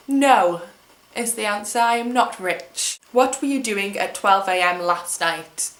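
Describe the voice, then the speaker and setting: Animated but a little slow, her mid-range, slightly bright voice carries reverb. She's an English vlogger in her twenties answering tag questions at home, chatty and wryly self-mocking.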